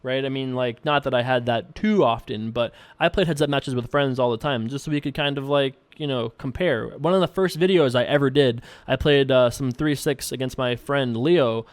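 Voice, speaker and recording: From a room at home, a man casually comments on his online poker hands and answers viewer emails, rambling and thinking aloud in a self-amused tone. His medium-pitched voice keeps a moderate pace with hardly any pauses, and there is no echo.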